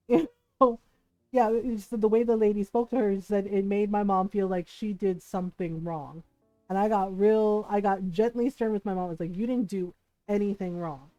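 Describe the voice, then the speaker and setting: A woman streamer telling a story in casual chat, animated, laughing often and saying "like" and "right?" a lot. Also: mid-range voice, highs cut off.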